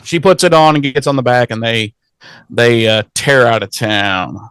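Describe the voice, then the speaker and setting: A man's voice: mid-range voice, normal speed, fairly bright tone, clear, resonant tone, dry recording. Man co-host, casual profane episode recap, rambling delivery, dry close mic. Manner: profane, rambling, acts out characters in goofy voices. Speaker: podcast co-host.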